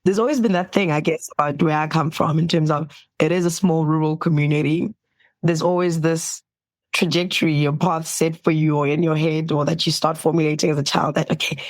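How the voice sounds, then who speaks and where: Woman, young adult, from South Africa, doctor, gravelly fry, dry sound, reflective, laughing. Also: low voice, no echo. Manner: warm, laughs often, animated quoting. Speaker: guest, medical doctor. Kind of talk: reflective interview talk. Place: at home.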